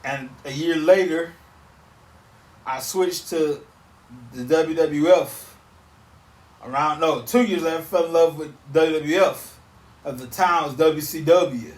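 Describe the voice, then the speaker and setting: A man in his thirties hosting a podcast, ranting casually in an animated, repetitive, emphatic way on a back porch outdoors. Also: fairly high pitch, measured pace, pauses often. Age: 30s. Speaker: podcast host. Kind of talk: casual solo rant. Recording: roomy sound from off mic.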